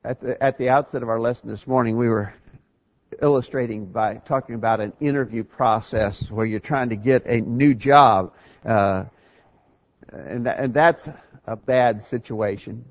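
An earnest male preacher gives a sermon with plenty of emphasis, often backing up to restart a phrase. His voice sits in a middle pitch. The recording is a little dull and lo-fi. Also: normal speed.

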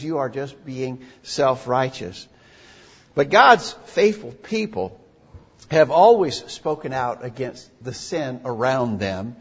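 A man's voice: a little high, breathy edge. A man preaching a sermon in an earnest, emphatic way, reading scripture aloud. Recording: dull lo-fi recording in a reverberant hall.

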